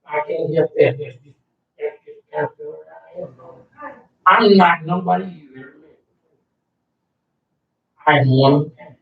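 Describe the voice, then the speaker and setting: A man's voice: fairly high pitch, moderate pace. A man telling an interviewer a rambling story, profane, agitated and boastful. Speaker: interviewee recounting a UFO encounter. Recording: echoey room, far from the mic, dull sound.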